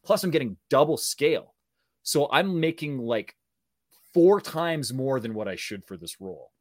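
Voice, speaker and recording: A man with a Canadian accent, a guest telling stories in casual talk, animated and acting out voices as he goes. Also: medium pitch, normal speed, no echo, clean studio sound. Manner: animated, acts out voices in anecdotes. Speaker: guest, actor and speaking coach. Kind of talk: casual storytelling.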